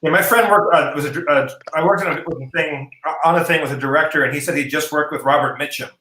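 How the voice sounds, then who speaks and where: A man's voice: on the high side, fast talker, roomy sound, a little hiss or hum, poor audio. A man, an improv comedian, chatting casually on a video call and acting out the lines in his stories. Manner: animated storyteller, acts out quoted lines.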